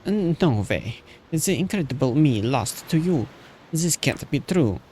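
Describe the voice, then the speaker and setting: A man's voice: on the high side, sing-song, unhurried, darkish tone, a little hiss or hum, voice pushed up. A man voicing a haughty, boastful young female student rival, reading game dialogue aloud with a proud, bossy delivery.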